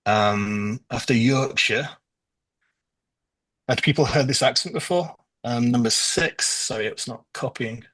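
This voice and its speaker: A man from northwest England hosting a trivia quiz over a video call, going through the answers casually with frequent ums and pauses. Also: medium pitch, fairly bright tone, no room sound, poor audio. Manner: hesitant, lots of ums. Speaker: quiz host.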